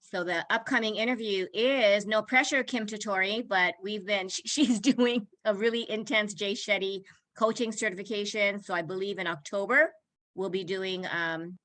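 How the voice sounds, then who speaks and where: A woman hosts an online summit in a bright, clear voice. She talks in a chatty, rambling way, laughing often and getting a little emotional. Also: mid-range voice, steady tone, normal speed, poor audio. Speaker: summit host. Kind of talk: casual online video chat.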